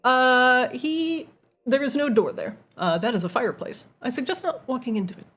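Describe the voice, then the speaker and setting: A woman's voice: high-pitched, animated, moderate pace, a bit bright, voice pushed up. A woman voicing a courteous woman of a mystic order who speaks in a formal, old-fashioned way.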